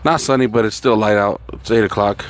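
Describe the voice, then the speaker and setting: A lower-pitched young man spins a long, rambling, profane story, acting out both sides of the dialogue. Faint noise and a passing vehicle sit behind him. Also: a little fast. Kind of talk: casual storytelling.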